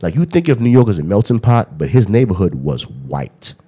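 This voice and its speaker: A man's voice: fairly low pitch, very animated, brisk, warm tone, breathy edge. A man hosting a podcast in casual chat, rambling with frequent laughs and fillers. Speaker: podcast host.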